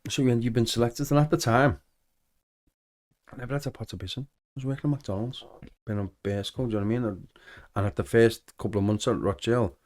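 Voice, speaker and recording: A man, a former footballer, telling lively anecdotes in a casual podcast interview, acting out the dialogue. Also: medium pitch, fast talker. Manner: animated anecdotes with acted-out dialogue.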